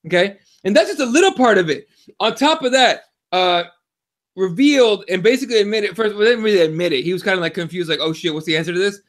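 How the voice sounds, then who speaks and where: A man co-hosting a combat sports podcast, talking in a casual, profane, excitable way and telling stories with lots of animation. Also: sits high, quick pace. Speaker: podcast co-host.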